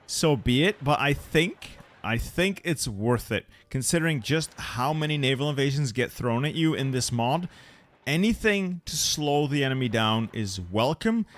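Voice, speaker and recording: Speaking at a moderate pace in an animated mid-range voice, this male host talks casually through his strategy game. He chats with and answers viewers while muttering repeated words to himself as he plans.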